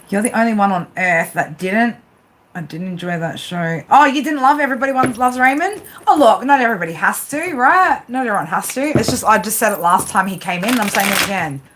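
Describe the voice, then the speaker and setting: A woman tarot card reader gives live readings with blunt tough love, swearing heavily and rambling, and she tags her lines with "right?" constantly. Her voice is mid-range, animated, and fairly bright, at a moderate pace, with a little hiss or hum in the recording.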